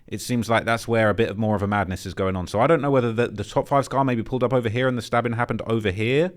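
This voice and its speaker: A man hosts a commentary channel, reacting to footage in a blunt, slangy, animated way and speculating as he goes. His voice is medium in pitch and he talks fast.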